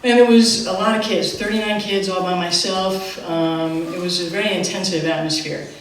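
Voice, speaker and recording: A middle-aged woman telling a live personal story on stage, animated and self-mocking, with quick asides. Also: on the low side, a little hiss or hum. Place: theater stage. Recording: echoey theater from far off.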